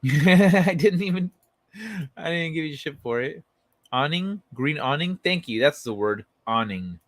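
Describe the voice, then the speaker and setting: A man hosts a late-night livestream from his bed at home, chatting loosely with viewers, reading their messages aloud and addressing people in chat by name. He's rambling and laid-back, with a slightly high voice, lively intonation and a measured pace. There's no room sound.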